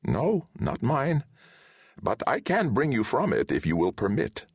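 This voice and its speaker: A man voicing an old male wizard who speaks with calm, patient insistence, raising his voice to a higher pitch. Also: measured pace, creaky, husky, dry recording, studio quality, exaggerated voice. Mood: calm, insistent.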